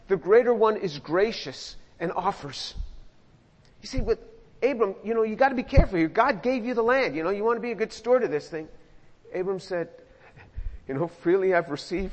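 A man preaching a sermon, expressive and slowing down to stress key words. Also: high voice. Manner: expressive preaching, slows down for emphasis. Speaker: pastor. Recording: dull sound with long hall reverb.

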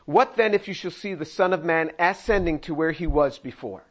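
A man's voice: on the high side, moderate pace. A man preaching a sermon, reading scripture aloud and acting out the quoted lines with humor. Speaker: pastor.

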